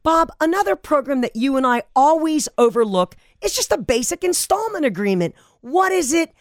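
A woman's voice: high-pitched, very animated, normal speed, no room sound, clean studio sound. A woman hosting a radio talk show, asking her guest questions in an upbeat, emphatic way.

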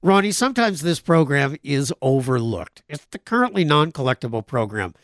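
A man's voice: fairly high pitch, big pitch swings, normal speed, fairly bright tone, no echo, studio quality. A man who is a tax professional, explaining in an earnest way with small restarts as a regular guest on a radio talk show.

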